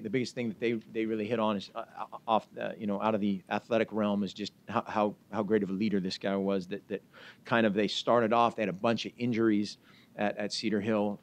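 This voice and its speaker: A man's voice: lowish voice, little pitch movement, fast talker. A man speaking as a head football coach at a press conference, talking informally and upbeat while heaping praise on recruits.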